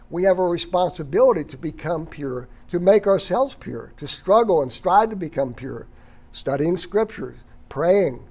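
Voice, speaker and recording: A man teaching a Bible study lecture, reading passages aloud, stressing key words and often clearing his throat. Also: on the high side, darkish tone. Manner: emphatic on key words, occasional chuckle.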